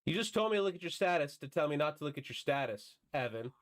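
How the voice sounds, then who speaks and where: A man streaming a video game, chatting casually and bantering with viewers, his voice a bit hoarse from a recent illness. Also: on the high side, very animated, fast talker, no echo. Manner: joking, bantering with chat.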